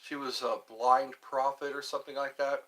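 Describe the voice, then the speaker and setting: A man hosting a live stream alone, musing slowly and meandering while he answers viewer chat. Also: mid-range voice, level tone, a bit bright. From United States.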